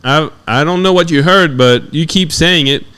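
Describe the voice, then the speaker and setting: French male comedian guest, animated storyteller, smooth resonant voice. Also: on the high side, moderate pace. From France. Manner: animated, acts out other people's voices in his stories. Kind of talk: casual podcast storytelling.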